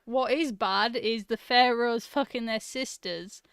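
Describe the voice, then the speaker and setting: A woman's voice: on the high side, a little slow, a bit bright, clear, resonant tone, dry recording, studio quality. A woman chatting casually, giggling and swearing as she rambles. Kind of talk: casual chat.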